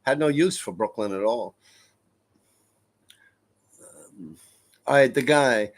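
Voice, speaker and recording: A man's voice: medium pitch, expressive, takes it slowly. A middle-aged man from New City, casually telling rambling, profane stories on a livestream from his apartment. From New York City. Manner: profane, rambling, laughs a lot. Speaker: livestream host. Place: room in a ground-floor apartment.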